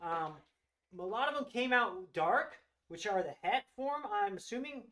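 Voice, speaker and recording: A man's voice: high-pitched, expressive, a little slow, a bit bright. A man hosting a live reptile sales stream, gushing with enthusiasm over each animal and rambling through restarts. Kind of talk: live-stream product showcase.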